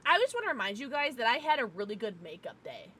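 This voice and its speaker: A young woman streaming from home with a high, bright voice that bounces all over. She chats loudly with viewers, giggly and profane, and sounds stuffed up from crying. She talks into a desk mic. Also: big pitch swings, fast talker, breathy edge. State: congested from crying. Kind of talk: casual livestream chat.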